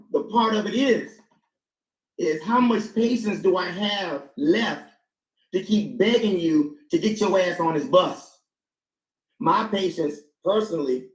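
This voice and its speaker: A man's voice: high voice, roomy sound, low-quality recording. A man speaking as a guest in a casual panel discussion, hammering his points home and repeating key words for emphasis.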